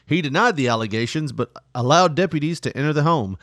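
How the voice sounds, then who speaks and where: A man's voice: on the high side, lively intonation, fast, a bit bright, no echo, clean studio sound. A man co-hosting a casual podcast, laughing often and reading news stories aloud with joking asides. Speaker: podcast co-host.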